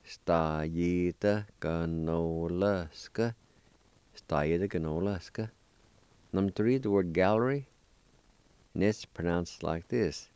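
A man hosting a radio language lesson, spelling and repeating words slowly and carefully. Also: low-pitched, darkish tone, smooth, no room sound. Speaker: language teacher and program host.

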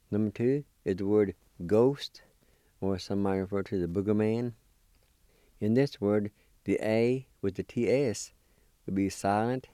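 Guy teaching how to say words, breaks em into syllables, real slow and encouraging, dead dry recording. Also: fairly low pitch, mellow, no echo. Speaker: language teacher. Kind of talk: pronunciation lesson.

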